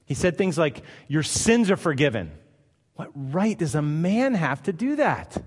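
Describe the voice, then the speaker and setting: A man's voice: on the high side, sing-song, unhurried, slightly rough. A male pastor delivering a sermon, emphatic and conversational, firing off rhetorical questions. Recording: long hall reverb.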